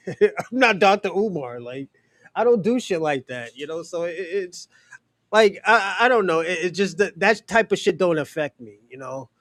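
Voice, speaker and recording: A man's voice: sits high, animated, moderate pace, a bit bright, no room sound. A man hosting a podcast who gives blunt, profane opinions in casual talk and speaks straight to his co-hosts. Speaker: podcast host.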